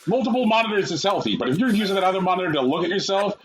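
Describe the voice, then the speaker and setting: A man co-hosting a podcast in casual chat, making wry, deadpan jokes and swearing. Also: sits high, racing, a crowd in the background. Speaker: podcast co-host.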